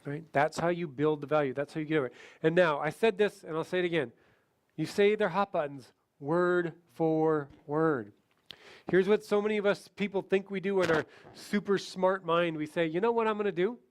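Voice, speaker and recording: A man giving a sales training seminar, animated, acting out short client conversations as he teaches. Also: a little high, normal speed. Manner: animated, acts out client dialogue. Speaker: seminar speaker.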